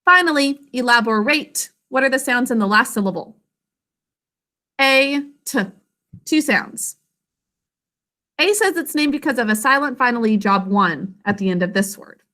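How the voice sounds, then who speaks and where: A woman's voice: fairly high pitch, lively intonation, sharp tone. A woman teaching an online literacy lesson over a video call, sounding words out carefully syllable by syllable. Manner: slow, careful syllable-by-syllable enunciation.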